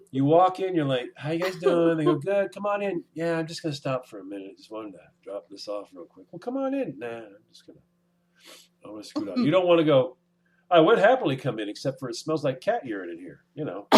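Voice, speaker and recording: Guy cohost cracking jokes, acts out little scenes, voice all over the place. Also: a little high. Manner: joking, acts out mock dialogue. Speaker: podcast co-host. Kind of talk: casual chat.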